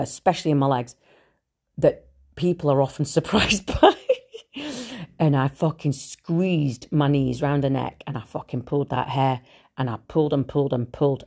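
A Scottish woman with a Glasgow accent, telling her own story in a blunt, animated monologue full of swearing. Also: low-pitched. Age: adult with three children. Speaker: speaker sharing her recovery story.

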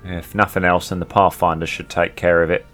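Man, very low voice, gruff and folksy, in-character role-play, faint music. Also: flat delivery, brisk, a bit bright. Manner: blunt, gruff, folksy speech. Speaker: player.

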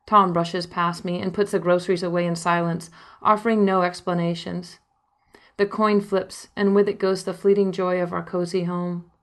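A woman's voice: on the low side, level tone, moderate pace. A young woman reading her own memoir aloud, telling her story in an intimate first-person way, with emotional quoted lines. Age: young adult. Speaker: narrator and author of a memoir. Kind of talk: audiobook memoir narration.

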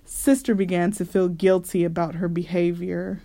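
A woman host reading a children's storybook aloud with an expressive delivery. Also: lowish voice, moderate pace, hardly any pauses.

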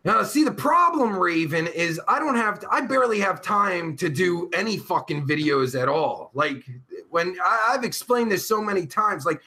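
A man hosting a live chat show, reading viewers' messages and riffing on them in a crude, rambling way that flares up easily. His voice sits high and sounds bright and edgy. He swings widely up and down in pitch and talks at an unhurried pace. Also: lively intonation. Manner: rambling, vulgar, quick to get riled up.

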